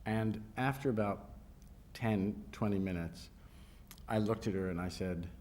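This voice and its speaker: A man's voice: lowish voice, measured pace, a little mellow, a little hiss or hum. A man being interviewed on stage at a live event, telling self-deprecating anecdotes and laughing through them. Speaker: actor and director guest at a festival talk.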